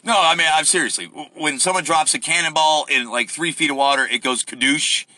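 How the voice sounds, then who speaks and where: A man's voice: on the high side, fairly quick, bright, forceful tone, no room sound. A man ranting casually while driving, rambling and profane, rude and crude by his own account. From United States. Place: in a car on the road.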